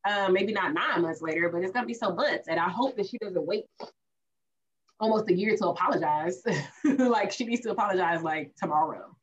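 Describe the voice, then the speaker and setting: Casting: a woman co-host with a low voice, lively recap chat, recorded off-mic with dull sound. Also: distant mic, slight background noise. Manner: animated retelling, drawn-out asides. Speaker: podcast co-host. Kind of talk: casual chat recapping a TV episode.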